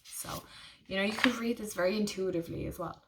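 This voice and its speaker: A woman chatting casually on her vlog, gushing and excitable, full of fillers and restarts. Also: mid-range voice, quick pace, far from the mic, noisy background. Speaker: tarot vlogger. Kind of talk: casual chat.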